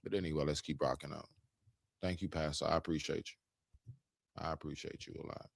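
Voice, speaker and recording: A man's voice: extremely low pitch, fairly quick, vocal fry, dry recording, clean studio sound. A man co-hosting a talk stream, arguing his point in a heated, emphatic casual debate. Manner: animated, confrontational, emphatic, demonstrates raising his voice.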